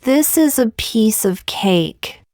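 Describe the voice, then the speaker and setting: A woman reading short example sentences one by one for English learners, in a slow, deliberate, evenly paced way. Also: fairly high pitch, expressive, a little mellow, no echo, studio quality. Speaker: English teacher.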